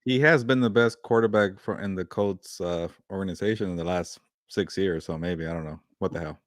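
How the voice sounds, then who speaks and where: Laid-back man with a lower voice. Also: brisk, no echo, clean studio sound. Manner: laid-back, hesitant, many "you know"s. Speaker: podcast co-host. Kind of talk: casual sports chat.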